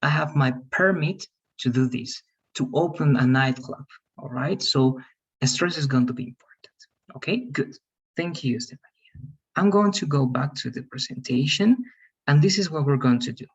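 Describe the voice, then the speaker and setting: Teaching pronunciation online, this man speaks at normal speed in a slightly rough, mid-range voice muffled by dull audio. Patient and repetitive, he leans on "okay" and "right" and addresses his students by name during the video-call class.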